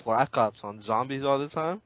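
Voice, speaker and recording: A young man co-hosting a gaming podcast, swearing and complaining in animated casual banter. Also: mid-range voice, moderate pace, dry recording. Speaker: podcast co-host. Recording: dull dry lo-fi podcast audio.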